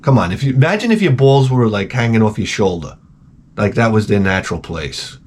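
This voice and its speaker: Animated, foul-mouthed middle-aged man telling stories. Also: brisk, slightly rough. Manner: animated, profane, jumps into high-pitched exclamations when quoting himself. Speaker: host. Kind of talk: casual storytelling rant.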